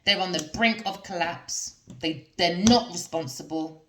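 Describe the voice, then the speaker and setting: A woman giving a casual tarot reading, talking straight to her viewers with lots of tag questions and excited outbursts. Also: fairly low pitch, measured pace, recorded from a distance, background noise. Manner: addresses viewers directly with frequent tag questions; expressive, with sudden gasps and excited outbursts. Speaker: tarot reader. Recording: roomy sound from away from the mic.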